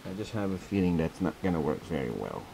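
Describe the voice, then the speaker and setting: A man's voice: deep voice, very animated, fast talker, gravelly, warm tone, a little hiss or hum, low-quality recording. A man hosting a casual step-by-step craft tutorial, chatty and laughing often as he repeats his instructions.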